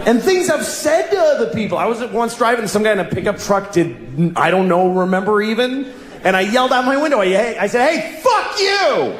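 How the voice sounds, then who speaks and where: Man doing lively stand-up in a roomy hall. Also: fairly quick, a little hiss or hum. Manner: exasperated, swings from low mutter to yelling punchlines. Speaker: stand-up comedian. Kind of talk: stand-up comedy routine. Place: large hall with live audience. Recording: roomy live hall, audience laughter.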